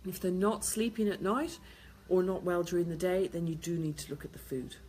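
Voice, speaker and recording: A woman's voice: on the low side, brisk, darkish tone. A woman host answering viewers' questions on baby sleep, giving practical advice and repeating key points. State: tired, yawning.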